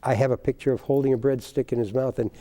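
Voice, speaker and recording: An older man, a baker, telling stories in a TV interview in a folksy, animated way, acting out the people in his tales. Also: medium pitch, fast. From United States. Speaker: guest, baker. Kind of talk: storytelling in a TV interview.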